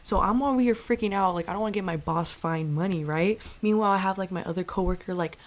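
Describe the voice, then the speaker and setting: A young woman co-hosting a podcast, telling a story in a casual, animated way and acting out the voices in it. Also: mid-range voice, quick pace. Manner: animated, lots of "like" fillers, acts out quoted voices. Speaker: podcast co-host.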